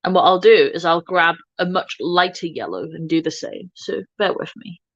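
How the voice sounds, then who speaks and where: A woman's voice: on the low side, moderate pace, no room sound, dull audio. A woman hosting a casual makeup livestream, chatting to her viewers in a self-mocking way while she works. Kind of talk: casual makeup tutorial chat.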